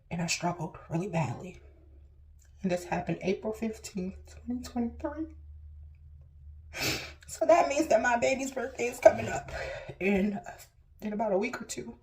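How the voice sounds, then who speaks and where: Emotional woman telling a painful story. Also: a little mellow. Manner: emotional, acts out quotes with big pitch jumps. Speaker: vlogger. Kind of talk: personal storytelling to camera.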